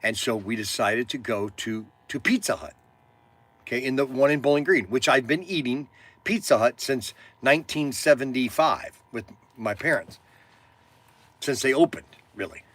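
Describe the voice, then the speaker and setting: A man in his sixties who owns a hobby shop hosts a stream, raising his voice as he rants through an indignant story. His voice sits in the mid-range with a fairly bright tone, and he talks at a normal speed.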